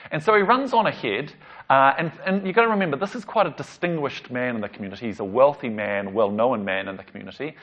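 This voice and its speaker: A male pastor tells a gospel story in a relaxed, chatty way, leaning on words for emphasis. His voice sits in a mid pitch. The recording is slightly dull and lo-fi. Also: fast. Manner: animated storytelling with casual asides. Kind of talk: conversational sermon.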